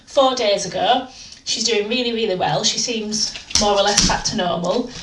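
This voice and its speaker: A woman's voice: medium pitch, moderate pace. A woman chatting candidly and self-deprecatingly in a casual art vlog from her home art room. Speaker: art vlogger. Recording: roomy, distant home mic with faint noise.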